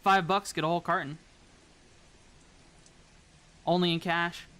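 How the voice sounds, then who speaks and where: A woman's voice: lowish voice, fairly even intonation, unhurried, fairly bright tone, smooth. A woman from the American South chatting casually with viewers as a streamer while she builds a model. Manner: rambling, chatty, talks to viewers. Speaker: VTuber streamer.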